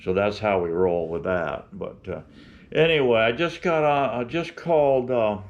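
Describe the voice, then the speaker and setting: A man's voice: on the low side, animated, normal speed. A man in his seventies from with a drawl, talking to his beekeeping channel in a folksy, opinionated, rambling way. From Florida. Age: 70s. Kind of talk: rambling casual vlog talk. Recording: dull lo-fi sound.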